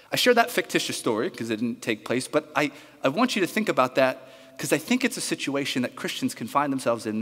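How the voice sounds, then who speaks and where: A male pastor preaching a sermon, telling a story in an animated way and acting out the voices of its characters. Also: a little high. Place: church sanctuary. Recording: reverberant church hall.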